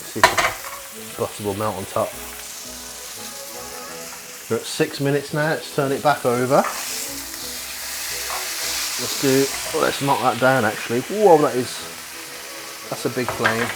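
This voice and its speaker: Cooking at home for a casual vlog, this young man chats and rambles, occasionally swearing, as music plays and food sizzles in the pan. He speaks at a measured pace in a mid-range voice with long pauses, amid background noise.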